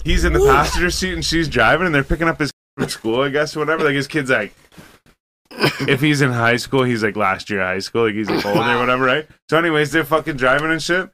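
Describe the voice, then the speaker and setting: A man's voice: mid-range voice, fast, pushed and bright. A man telling rambling stories to friends in casual chat, full of fillers and swearing. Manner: rambling storyteller, many fillers and swearing, laughs while telling. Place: room with friends sharing joints.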